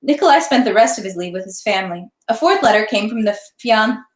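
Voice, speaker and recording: A woman reading a classic novel aloud at a steady pace, now and then stumbling and correcting herself. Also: mid-range voice, brisk. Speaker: audiobook reader. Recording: echoey room.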